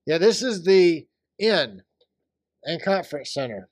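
A man co-hosting a casual podcast, chatting and joking in an animated way. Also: on the high side, measured pace, no echo, studio quality. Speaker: podcast co-host. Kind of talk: casual chat.

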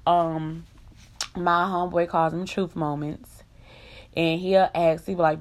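A woman's voice: on the low side, level tone, unhurried. A young woman in an emotional vlog rant, venting in raw, profane country slang.

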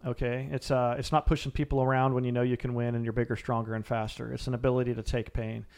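A man's voice: medium pitch, flat delivery, quick pace, a little mellow. A man, a former soldier turned mental coach, answering interview questions in an earnest, emphatic coaching manner. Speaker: guest, former Navy SEAL and mental coach.

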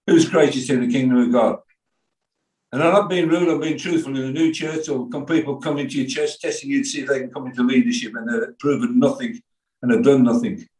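A man's voice: mid-range voice, steady tone, brisk, a little mellow. An older man from England with a Birmingham accent, preaching a sermon as pastor, telling stories with quoted voices and asides. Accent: Birmingham English. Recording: echoey room from far off.

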